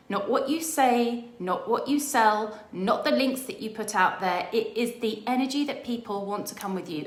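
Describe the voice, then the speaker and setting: Animated, enthusiastic middle-aged woman coach. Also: mid-range voice, reverberant. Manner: enthusiastic, animated storytelling with excited quoted voices. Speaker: business coach. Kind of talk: motivational monologue.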